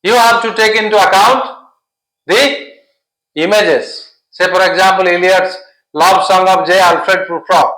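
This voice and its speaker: A man's voice: high-pitched, fairly even intonation, measured pace, sharp tone, roomy sound, poor audio. A man teaching literature for an exam-prep lesson, explaining patiently and stringing synonyms together. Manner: repetitive, listing synonyms, explanatory.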